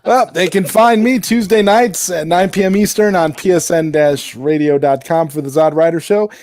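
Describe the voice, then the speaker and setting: A man's voice: fairly high pitch, normal speed, a little mellow, dry recording. A man hosting his own shows, chatting upbeat as a guest on an online talk show. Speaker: radio show host, guest. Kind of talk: casual online show chat.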